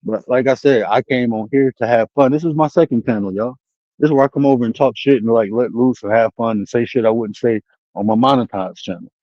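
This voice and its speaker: A man's voice: medium pitch, brisk, no room sound, dull audio. Profane, taunting man on a stream. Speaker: streamer and life coach. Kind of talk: casual livestream rant. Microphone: streaming setup mic.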